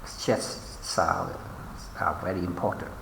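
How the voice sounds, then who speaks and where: Male teacher, Vietnamese accent, slow drilling delivery, echoey reverberant room. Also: low-pitched, fairly even intonation, gravelly, background noise. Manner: slow and deliberate, drawn-out repetitions with frequent fillers. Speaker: English teacher. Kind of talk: pronunciation lesson, reading words for repetition.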